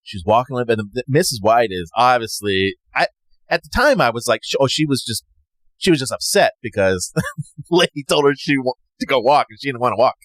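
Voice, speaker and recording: Male storyteller, casual and rambling, animated delivery with lots of pitch movement, dry sound. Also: a little fast, no room sound. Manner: rambling, animated, acts out others' lines. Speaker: podcast host.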